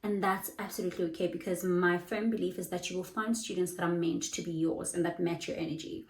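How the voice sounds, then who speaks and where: A woman's voice: on the low side, quick pace, roomy sound, low-quality recording. A young woman, a bubbly online English tutor giving casual teaching advice and acting out little dialogues. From South Africa. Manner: bubbly, lively, acts out dialogues.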